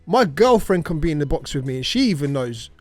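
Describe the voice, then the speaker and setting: A man co-hosting a casual podcast about DJing, talking in an animated, jokey way. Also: a little high, brisk, faint music behind. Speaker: podcast co-host, DJ. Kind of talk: casual chat.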